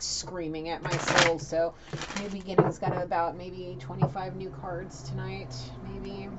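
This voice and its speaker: Low-voiced blunt woman tarot reader. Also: heavy background noise. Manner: chatty and blunt, swears freely. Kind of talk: casual channeled tarot reading.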